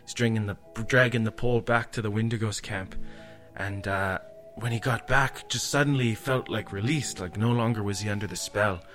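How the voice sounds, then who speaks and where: A man's voice: on the low side, normal speed, hardly any pauses, a bit bright, soft background music. A man telling a spooky story casually, rambling with frequent "eh" and "like". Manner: rambling, tags lines with "eh" and "like". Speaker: storyteller guest.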